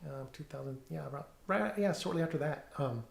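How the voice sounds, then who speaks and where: A middle-aged police officer giving a personal testimony at home, talking haltingly with many fillers and restarts. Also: male voice, fairly high pitch, gravelly, roomy sound. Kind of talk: personal testimony, reading from notes. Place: room at home.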